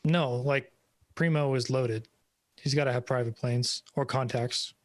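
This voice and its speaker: A male tabletop game player speaks in an insistent, matter-of-fact way. His voice is mid-pitched and the sound is dry and close. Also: steady tone, unhurried, no echo. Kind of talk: casual chat at a game table.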